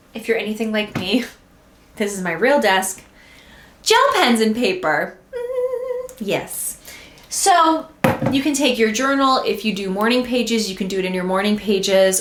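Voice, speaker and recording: A woman's voice: mid-range voice, a bit bright. A woman hosting a singing podcast, coaching listeners through exercises in a direct, encouraging way from her desk. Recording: roomy echo.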